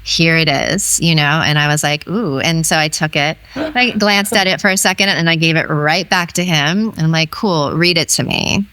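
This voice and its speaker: An intimacy educator being interviewed tells a story with animation, acting out the quoted lines. She has a low, smooth voice at normal speed, and the recording is dry.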